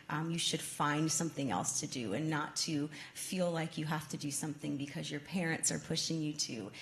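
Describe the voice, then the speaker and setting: Low, gravelly-toned woman, earnest. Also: slight background noise. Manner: thoughtful, earnest, many fillers and restarts. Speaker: guest ballet dancer answering audience questions. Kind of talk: audience Q&A talk. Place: museum event space with an audience.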